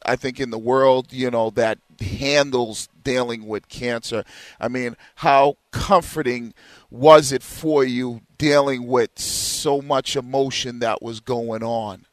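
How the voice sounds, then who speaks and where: A man's voice: medium pitch, steady tone, takes it slowly, dry recording. Male radio co-host, earnest, rambling questions, dry mic. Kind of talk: live radio interview.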